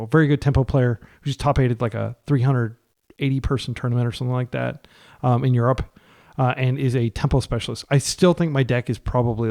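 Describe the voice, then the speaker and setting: A man giving casual, running commentary while playing an online card game. He gets excitable, pleads with his deck, and his voice jumps up when he is frustrated. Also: medium pitch. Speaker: card game player and channel host.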